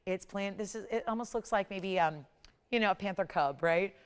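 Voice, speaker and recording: Woman selling jewelry on live tv, smooth clear voice, pushy upbeat sales talk, studio lapel mic. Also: medium pitch, moderate pace. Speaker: shopping channel jewelry host.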